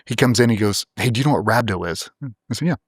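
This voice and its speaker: A man's voice: mid-range voice, lively intonation, quick pace, slightly rough, no echo, studio quality. A middle-aged man, a former special operator, telling a vivid, blunt, profane story as a guest in an interview.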